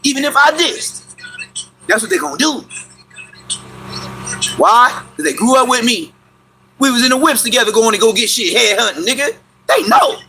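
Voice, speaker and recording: A man with Los rants on a livestream, his voice high and very bright. He talks in loud, repetitive bursts and breaks into sudden yelps. A faint noise hangs behind him. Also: very animated, moderate pace, gravelly, long pauses, rough recording. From Inglewood, California. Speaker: livestream host. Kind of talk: animated livestream rant.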